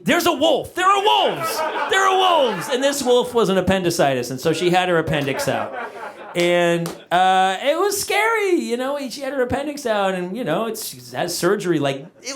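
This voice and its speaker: A middle-aged man performing a stand-up comedy routine on stage, acting out the people in his stories in changing voices. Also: high-pitched. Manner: animated, acts out quoted family members in shifting voices. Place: comedy club stage before a live audience. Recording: live audience laughter around the voice.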